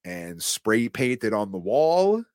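A man with a somewhat low voice retells a film scene by scene for his podcast, acting out the characters' lines as he goes. His talk is loose and casual, with the odd swear word. The sound is dry and close, with no room around it. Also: takes it slowly, no echo. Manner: animated storyteller, acts out quotes and swears casually. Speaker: podcast co-host recapping a film. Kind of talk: casual chat, scene-by-scene recap.

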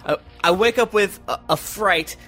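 A man playing a character in a tabletop role-play, animated and jokey, recorded close to the mic. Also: sits high, brisk, faint music behind. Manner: animated, jokey, breaks into laughter. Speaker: player.

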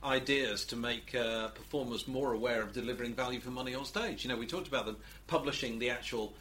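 A man co-hosting a podcast in a dry, musing manner. He talks fast with a bright, forward tone. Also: medium pitch. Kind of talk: casual chat.

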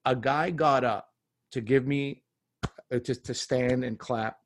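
A man, a comedian guest, telling lively anecdotes in casual chat, acting out quotes as he goes. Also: mid-range voice, slow, slight background noise. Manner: animated anecdotes with acted-out quotes.

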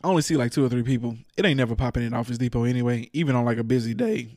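A man's voice: medium pitch, racing, no echo, clean studio sound. A man telling a story in casual chat, cursing freely, laughing often and acting out what other people said. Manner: profane, animated, acts out quoted people.

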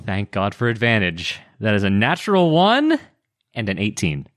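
A man playing a tabletop game, animated and jokey in casual table talk. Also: fairly low pitch, moderate pace, no echo, clean studio sound. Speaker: player.

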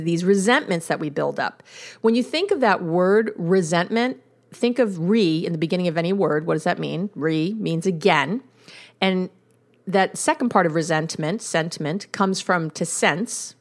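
A woman hosting her own podcast in a relaxed monologue. She works as a therapist and speaks at a middle pitch, with an easy, chatty telling that breaks into laughs at her own expense. When she relives a moment, her voice jumps high and lively. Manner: chatty storytelling with frequent laughs and self-mockery. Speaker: podcast host and couples therapist.

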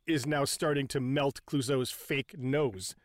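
A man in casual chat, excitedly retelling a film scene, swearing often and laughing as he goes. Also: mid-range voice, a little slow, dry recording, clean studio sound.

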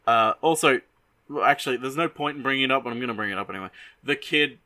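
A young man hosts a show and recaps a movie in a casual, animated way. His voice sits at a middle pitch and sounds bright and forceful. He stumbles over restarts and swears freely as he tells the story. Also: fast talker. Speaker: host.

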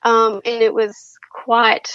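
A woman's voice: a little high, completely flat delivery, takes it slowly, dry recording, dull audio. Chatty woman telling stories. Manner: chatty, many fillers and restarts, laughs often. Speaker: guest. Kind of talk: casual interview storytelling.

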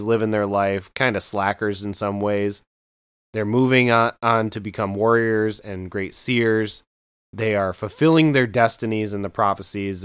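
A man's voice: on the low side, a bit bright, clean tone, no room sound, clean studio sound. A man in his thirties co-hosting a podcast, retelling a movie with enthusiasm and rambling through plenty of filler words. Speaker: podcast co-host. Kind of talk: casual podcast chat.

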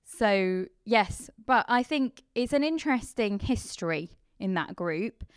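A woman's voice: medium pitch, animated, measured pace, clear, resonant tone, no room sound, studio quality. A woman vicar with a mixed English accent, with traces of Kent and Yorkshire, chatting as a podcast guest and laughing often. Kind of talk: casual interview chat.

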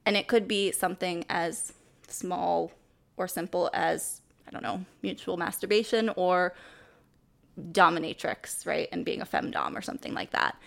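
A woman co-hosting a podcast in casual chat, animated and laughing as she acts out quoted lines. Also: fairly low pitch, moderate pace, gravelly. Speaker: podcast co-host.

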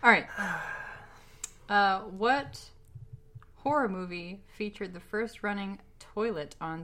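A woman's voice: mid-range voice, takes it slowly, pauses often, fairly bright tone. A woman co-hosting a podcast in casual chat, teasing and self-deprecating. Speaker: podcast co-host.

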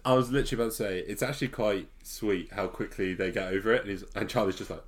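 A low-voiced man co-hosts a relaxed podcast. He leads the conversation with questions. His manner stays easygoing and conversational. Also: quick pace, hardly any pauses. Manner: leading the talk with questions, easygoing. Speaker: podcast co-host. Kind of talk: casual chat.

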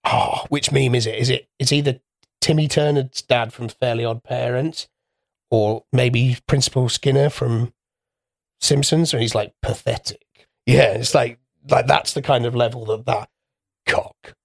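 A man's voice: medium pitch, fairly even intonation, measured pace, vocal fry, no echo. Young man, crude playful banter, comedy podcast co-host, dry close sound. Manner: crude, playful, acts out mock insults.

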